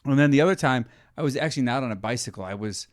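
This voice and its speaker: Young dude rambling on a podcast, mid pitch, dead dry mic. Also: male voice, racing, no echo. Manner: loose, rambling storytelling full of "like" and "dude". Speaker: podcast co-host. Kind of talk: casual chat.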